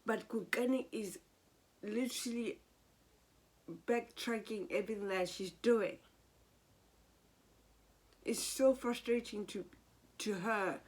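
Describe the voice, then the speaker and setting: Slow-talking woman recapping. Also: mid-range voice. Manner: animated, exasperated. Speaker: soap opera recap vlogger. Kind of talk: casual episode recap.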